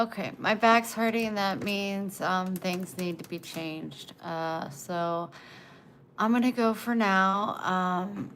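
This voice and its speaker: A woman's voice: mid-range voice, slow pace, fairly bright tone, slight background noise. A woman in her forties chatting casually on a livestream, greeting viewers and reading their comments aloud. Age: 40s. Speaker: livestream host.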